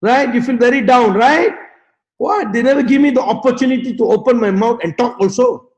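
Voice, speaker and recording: A man giving a motivational talk, with dramatic swings from shouting to low murmurs and emphatic, repetitive phrasing. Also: a little fast, echoey room, poor audio. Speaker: motivational speaker.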